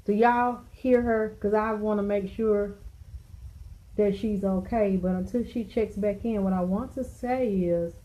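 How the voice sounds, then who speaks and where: A woman's voice: mid-range voice, steady tone, measured pace, dark tone. A woman hosting a live stream, chatting brashly with her viewers, laughing and cursing freely. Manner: brash, profane, laughing, talks back to a chat. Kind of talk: casual live-stream chat.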